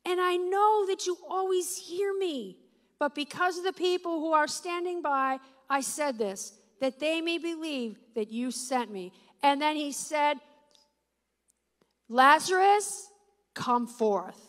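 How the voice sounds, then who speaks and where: A woman preacher giving a sermon to a gathered audience. She reads scripture aloud, puts questions to the listeners, and builds to loud, emphatic declarations. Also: high voice, unhurried. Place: church or meeting hall with an audience. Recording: long hall reverb.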